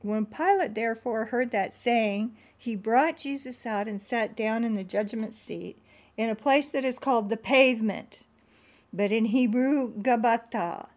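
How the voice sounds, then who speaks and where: A woman preaching in a fairly high voice that stays earnest and prayerful. She leans into fervent repetition as she prays. When she reads scripture aloud, she gives it dramatic emphasis. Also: measured pace. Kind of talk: prayerful sermon and scripture reading.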